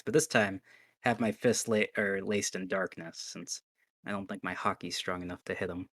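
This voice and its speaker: A man playing a tabletop game, excitable and thinking aloud as he goes. His voice is on the low side and recorded close and dry. He often breaks off and restarts his sentences. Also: moderate pace, dry recording. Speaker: player. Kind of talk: casual tabletop game play.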